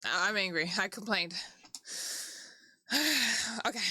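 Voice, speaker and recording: A woman streaming a video game, reading the dialogue aloud and reacting excitably, swearing often and laughing a lot. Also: medium pitch, drawn-out words, husky. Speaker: VTuber streamer. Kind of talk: gaming livestream commentary. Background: background music.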